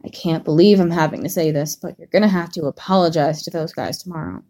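A woman reading a story aloud, voicing a gruff, hot-tempered young man with a low, growling delivery. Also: quick pace, mellow. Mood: exasperated.

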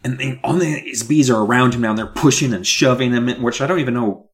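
A man co-hosting a podcast, recapping a book in casual chat with jokey asides and quick character voices. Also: mid-range voice. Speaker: podcast co-host.

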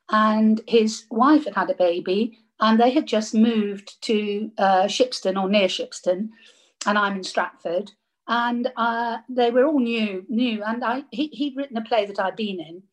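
Older woman telling lively anecdotes. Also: fairly high pitch, measured pace. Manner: lively storyteller, laughs often. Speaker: radio actress guest. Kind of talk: casual anecdotal chat.

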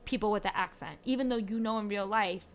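A woman's voice: medium pitch, quick pace, a little hiss or hum. Opinionated woman in casual chat. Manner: opinionated, emphatic, candid. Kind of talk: casual film discussion.

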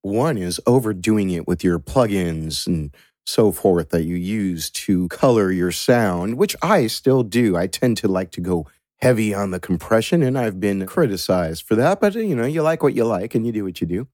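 Man with a really low voice talking sound design, laid back, dry room. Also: animated, normal speed, a little mellow, no room sound. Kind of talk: interview answer.

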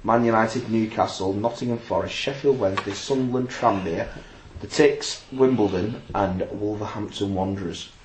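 A man's voice: fairly low pitch, normal speed, few pauses, a little mellow. A man, hosting a casual podcast and reading out facts with a teasing edge. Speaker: podcast host. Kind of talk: casual chat. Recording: roomy echo, faint hiss.

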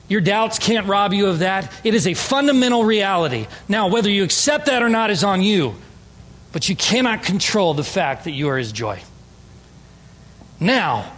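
High-voiced male preacher in a reverberant hall. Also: a bit bright. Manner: emphatic storytelling preacher. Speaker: pastor. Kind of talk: sermon.

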